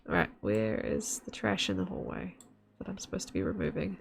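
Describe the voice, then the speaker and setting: A woman chats her way through a live game stream, rambling and giggling as she goes. Her voice sits low with a gravelly fry, and the talk is loose and off-the-cuff, aimed at her viewers. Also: expressive, moderate pace, a little mellow, a little hiss or hum. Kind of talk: casual live-stream chat while gaming.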